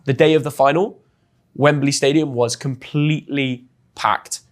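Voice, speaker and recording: A young man from England with an English accent, telling a story as a guest in an interview with lively, chatty energy and frequent restarts. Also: mid-range voice, unhurried. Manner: chatty and animated, often restarts words. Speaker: guest, football influencer.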